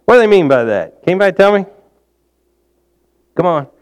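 A man preaching a conversational sermon, folksy, asking the congregation questions and swinging from loud, high emphasis to quiet, low asides. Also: big pitch swings, brisk, clean tone. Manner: folksy, engages the audience with questions.

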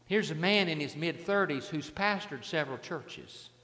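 A man preaching a revival sermon, dropping to hushed storytelling and rising to fervent shouts. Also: a little high, lively intonation, normal speed. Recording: long reverb in a large hall.

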